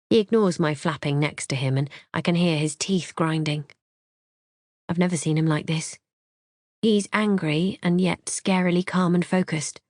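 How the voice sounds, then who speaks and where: A woman narrating a first-person thriller audiobook in an expressive, tense storytelling manner. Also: low voice, no room sound, clean studio sound.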